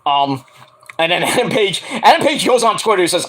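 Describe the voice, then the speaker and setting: An animated man recaps a wrestling match in casual, profane talk. His voice sits high and bright. He keeps breaking into acted-out quotes between his ums. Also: moderate pace, long pauses, rough recording. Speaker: wrestling reviewer.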